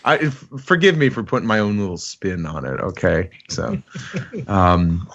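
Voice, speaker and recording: Man, podcast host, chatty recap, lowish voice, dull lo-fi sound. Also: sing-song, fairly bright tone. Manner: chatty, laughs often, slips into quick voices for quotes. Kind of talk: casual chapter recap. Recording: muffled lo-fi recording.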